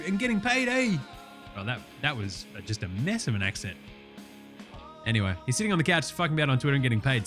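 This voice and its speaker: Australian guy, young, casual profane sports-podcast host, faint guitar behind. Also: medium pitch. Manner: profane, jokey, animated.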